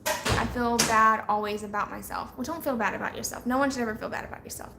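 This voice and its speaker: Young woman chatting live with viewers, bright higher voice, laughs easily, echoey room. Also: fast, gravelly. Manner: chatty, laughs often while telling stories. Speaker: vlogger on a live hangout. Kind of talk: casual chat with viewers. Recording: echoey room with faint noise.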